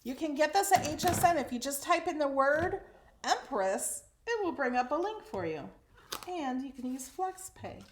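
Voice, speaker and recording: A woman hosting a casual craft tutorial, chatty and excitable as she talks through each step while working. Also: sits high, normal speed. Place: craft room at home. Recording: echoey room, faint noise.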